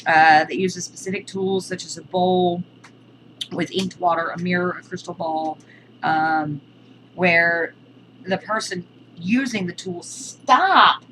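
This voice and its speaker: A woman with a low-pitched yet bright, forceful voice teaches a casual video lesson. She explains terms in a halting way, listing examples one by one. A faint hum sits behind her. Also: steady tone, low-quality recording. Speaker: witchcraft teacher.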